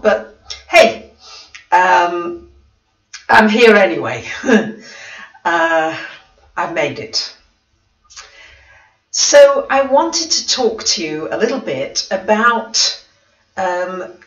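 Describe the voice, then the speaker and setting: A woman chats casually on her livestream, slow-paced and easily excited as she greets her viewers. Her voice sounds far from the mic. It rings in a very echoey room. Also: on the low side, dull audio. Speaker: astrologer livestream host.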